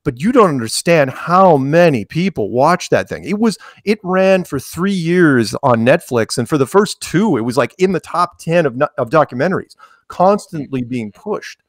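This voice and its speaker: This man, a guest in an interview, has a fairly high, expressive voice at normal speed, recorded at studio quality with no echo. Chatting casually, he spins lengthy stories full of restarts and performs the dialogue he's quoting.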